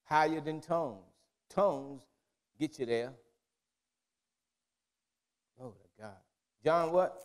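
A man preaching a sermon as pastor, in emphatic call-and-response style that builds to loud, drawn-out declarations. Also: a little high. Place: church sanctuary. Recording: long reverb of a church hall.

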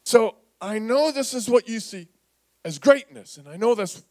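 High-voiced, animated male pastor preaching. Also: moderate pace. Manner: animated, prompts congregation to repeat words. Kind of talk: sermon. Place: church sanctuary.

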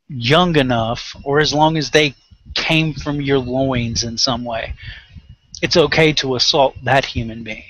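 A man's voice: a little high, fairly bright tone, no echo, rough recording. A man ranting angrily and sarcastically on a live online talk show, swearing heavily and mocking the people he argues against. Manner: heated, sarcastic, heavy swearing, mocking mimicry. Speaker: co-host of a weekly online rant show. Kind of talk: angry profane rant on a live stream.

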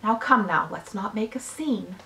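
A woman reading aloud, voicing a calm, wise female spider who speaks softly and gently. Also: mid-range voice, normal speed, creaky, low-quality recording. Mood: soothing. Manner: soft, quiet and gentle.

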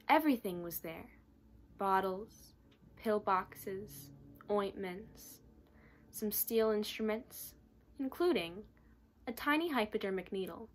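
A woman student reading a children's novel aloud with steady, expressive storytelling. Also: medium pitch. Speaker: student reader.

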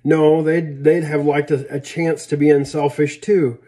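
A man's voice: fairly high pitch, level tone, a little slow, dark tone, close to an everyday voice. A man voicing a dry, teasing old grandfather in a read-aloud story, plainspoken.

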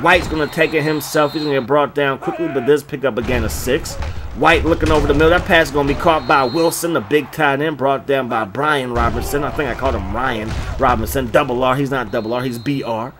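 Excitable man calling video game plays. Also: medium pitch, brisk, over music. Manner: excitable, loud bursts on big plays. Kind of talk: play-by-play game commentary.

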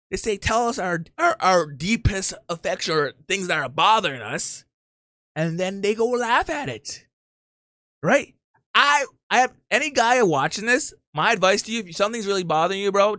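A man's voice: extremely high pitch, bright, forceful tone, no room sound, clean studio sound. A man hosting a reaction channel, giving blunt, opinionated commentary in a casual rant.

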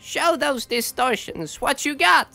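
A playful wizard mentor in a game, her bright, gravelly voice swinging through a wide, animated range at an unhurried pace. Soft game music plays under her lines. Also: high voice, exaggerated voice. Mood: musing. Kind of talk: game dialogue.

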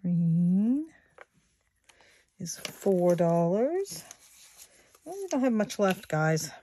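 A woman in her sixties, a savings vlogger, chatting softly and unhurriedly to her viewers as she works through savings challenges at home. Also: fairly low pitch, very animated, slight background noise. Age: 60s. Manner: soft-spoken, unhurried, talks to viewers as guys. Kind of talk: slow casual commentary while doing savings challenges. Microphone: phone or camera close on a table.

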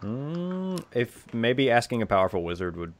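A man's voice: medium pitch, big pitch swings, moderate pace. A man running a tabletop game as game master, casual and rambling, often laughing and swearing.

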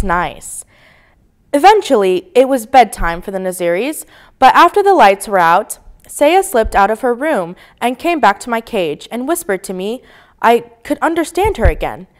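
A woman reading a children's story aloud, her voice rising and falling in a lively sing-song. Her tone is smooth and clear, set a little high. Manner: expressive, sing-song narration. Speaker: storybook reader.

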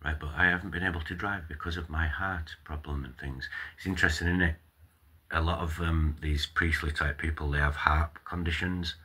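A man's voice: very deep voice, fairly even intonation, moderate pace, bright, forceful tone, breathy edge. A man, vlogging a casual reaction and ranting with plenty of swearing.

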